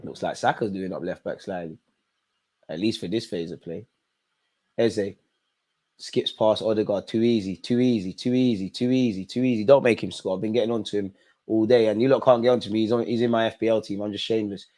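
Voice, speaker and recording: A man's voice: lowish voice, fairly even intonation, brisk, dark tone. Exasperated man reacting to a live match. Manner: reactive, exasperated, talks at players and ref. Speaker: football watch-along host. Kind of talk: live match watch-along commentary.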